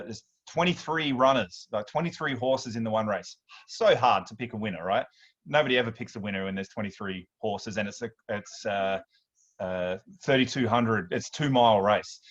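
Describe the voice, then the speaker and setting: Australian man, thirties, chatty storyteller, mid-pitched voice, slightly dull lo-fi sound. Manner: chatty, animated storyteller with many restarts. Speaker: workshop host. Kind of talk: casual storytelling talk.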